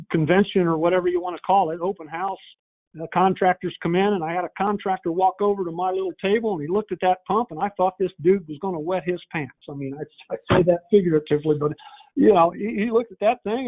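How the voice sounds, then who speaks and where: A man's voice: sits high, fast talker. Folksy man, tinny audio. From northern Indiana, USA. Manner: folksy storyteller, acts out dialogue. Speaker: pump company trainer. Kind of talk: folksy training presentation.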